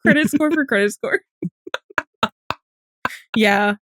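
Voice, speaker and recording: A woman's voice: on the high side, slow pace, a bit bright, no room sound, clean studio sound. A woman co-hosting a podcast in casual chat, reasoning things out and breaking into laughter. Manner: analytical, dissolves into laughter. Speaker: podcast co-host.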